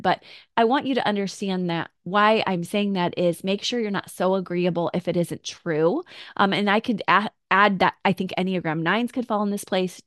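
A woman's voice: mid-range voice, no room sound, studio quality. A woman hosting a podcast, talking through personality traits in a reflective, conversational way and acting out quoted thoughts. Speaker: podcast host. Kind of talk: casual teaching talk.

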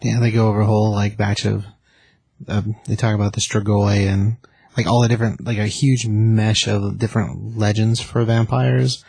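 A man's voice: fairly low pitch, level tone, normal speed, vocal fry, darkish tone, slightly rough, dry recording. A man co-hosting a podcast, adding casual asides and background to a comic discussion. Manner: chiming in with short asides. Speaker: podcast co-host. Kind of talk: casual comic book chat.

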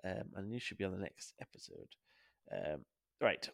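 A man's voice: sits low, wildly swooping pitch, normal speed, vocal fry, fairly bright tone, no room sound, clean studio sound. A young adult Welsh man hosting a podcast in a casual, jokey, playful chat. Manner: playful, jokey, laughs often. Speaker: podcast host.

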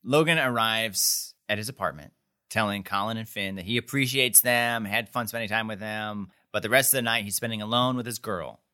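A man's voice: fairly low pitch, brisk, sharp tone. A man co-hosting a podcast, casually recapping a TV episode, rambling with lots of "like" and acting out quotes. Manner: rambling, frequent "like", acts out quotes. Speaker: podcast co-host.

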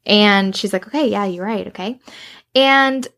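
A woman in casual chat about a book, animated, acting out characters' lines and swearing freely. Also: medium pitch, unhurried. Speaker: book discussion co-host.

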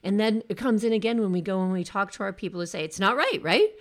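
A woman's voice: medium pitch, steady tone, quick pace, a little mellow. A woman coaching cancer survivors in an earnest motivational talk, often acting out her clients' words.

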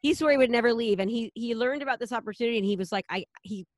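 A woman's voice: on the high side, dry recording. A woman leading a real estate team, talking casually and enthusiastically in a promotional chat with a colleague. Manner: enthusiastic, rapid, salesy, repeats herself.

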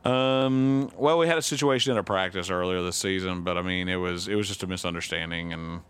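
Low, smooth-voiced man chatting casually. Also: a little fast, fairly bright tone. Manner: rambling, self-correcting, candid. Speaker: podcast co-host; youth T-ball head coach. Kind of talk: casual chat.

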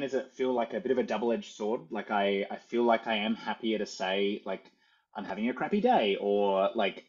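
A man's voice: mid-range voice, slightly rough, dull audio. A man with an Australian accent, talking as a guest in a casual interview, chatty and often restarting his sentences with "like". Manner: chatty, self-correcting, frequent "like" fillers.

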